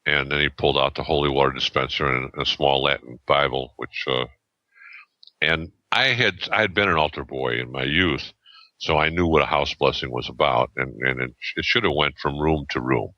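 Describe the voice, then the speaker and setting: A man in his seventies, a podcast guest, telling a story in a rambling, halting way with many restarts and fillers, on a dull lo-fi recording. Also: a bass voice, pushed and bright, no echo. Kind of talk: casual storytelling. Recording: dull lo-fi sound.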